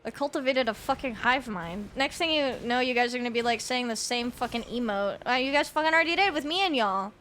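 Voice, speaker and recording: A woman's voice: a little high, brisk, few pauses, fairly bright tone, faint music behind. A young adult woman streaming a game, chatting casually with her viewers in a rambling way, swearing often and laughing a lot.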